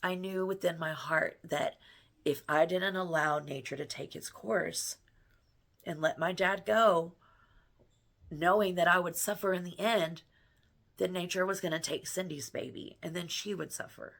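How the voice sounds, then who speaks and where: A middle-aged woman with a notably low voice shares a personal story straight to camera from home. She speaks earnestly and rambles, circling back on herself with frequent restarts and fillers, in the manner of a spiritual vlogger. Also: unhurried, creaky, fairly bright tone. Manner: earnest, rambling, with many restarts and "you know".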